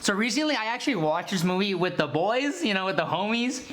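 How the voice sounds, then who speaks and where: A man's voice: high voice, expressive, brisk, a bit bright, a little hiss or hum. A man hosting a casual food vlog, chatting to his viewers between bites and then reviewing a movie. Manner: chatty, talks to viewers as "guys" while eating; eats between lines with food noises.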